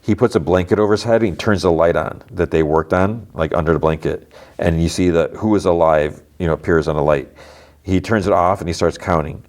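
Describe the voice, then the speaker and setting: A man's voice: sits low, brisk, darkish tone. A man hosting a podcast, casually recapping a TV episode in a loose, rambling way full of filler words. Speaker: podcast host.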